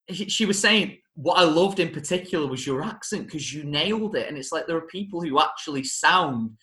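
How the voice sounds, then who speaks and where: In an echoey room, a man with a medium-pitched, pushed, bright voice hosts a casual chat about a film musical. He's an eager podcast reviewer who keeps restarting and correcting himself.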